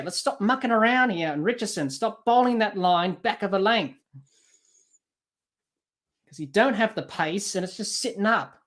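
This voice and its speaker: This man's high-pitched, slightly bright voice belongs to a podcast host calling a live cricket watch-along. Exasperated, he scolds the team, its players and the selectors directly as he commentates on the play.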